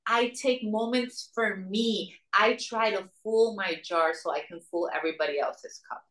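In a roomy space with a distant mic, a woman from the Dominican Republic tells a story earnestly as a guest in a casual interview. She has a Dominican Spanish accent and a fairly bright, medium-pitched voice at a normal speed.

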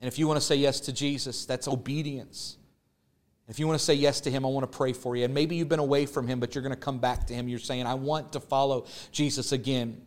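An earnest man preaching a sermon with a steady, mid-range voice. He leans on repetition and slows down to stretch out his key words, then moves into a pleading prayer. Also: mid-range voice. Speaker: pastor. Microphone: podcast or online service recording.

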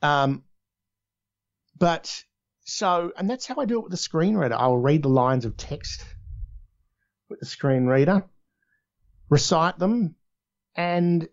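Animated Australian man, slightly dull sound. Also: on the high side, slow, pauses often. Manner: animated storytelling, voices in quotes. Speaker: voice actor. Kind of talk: casual conversation.

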